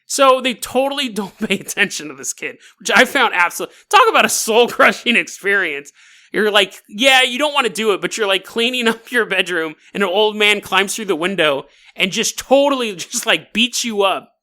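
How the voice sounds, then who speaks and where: A man's voice: high voice, expressive, moderate pace, sharp tone. A man hosting a comedic storytelling podcast, talking in a sarcastic, joking way and laughing often. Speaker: podcast host.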